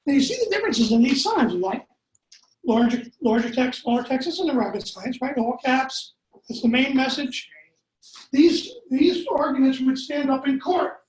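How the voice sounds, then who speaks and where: A man's voice: very high-pitched, expressive, normal speed, darkish tone, roomy sound, rough recording. A man teaching a copywriting workshop to a live audience, joking and veering off into asides, asking rhetorical questions as he goes.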